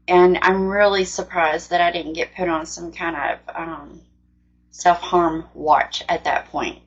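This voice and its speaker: A woman's voice: fairly low pitch, fairly even intonation, takes it slowly, slightly rough, dull audio. A woman casually sharing a personal testimony as a mother, in an earnest, plain-spoken and rambling way.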